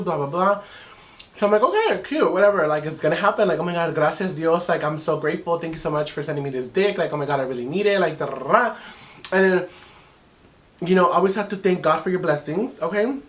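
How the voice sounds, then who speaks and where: Young male vlogger, animated storytime, profane, code-switches to Spanish. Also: fairly high pitch. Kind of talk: storytime vlog.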